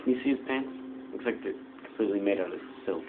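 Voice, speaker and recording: A young man offers casual, joking commentary over a video game, talking back to its characters. His voice is fairly low and quick, captured on a tinny lo-fi mic with faint hiss.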